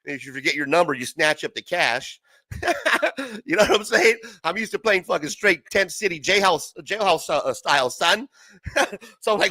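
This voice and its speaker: A man's voice: high voice, expressive, moderate pace, pushed and bright, no room sound. A young man hosting a casual livestream from home, rambling through stories with heavy profanity and frequent laughter. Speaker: livestream host.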